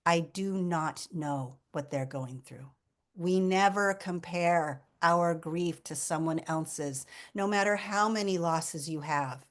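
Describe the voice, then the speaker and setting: A woman's voice: fairly low pitch, takes it slowly. Earnest woman in her fifties telling a grief story. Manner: earnest, emotional storytelling with restarts and soft drops. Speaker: hospice nurse and author. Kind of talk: personal talk on grief.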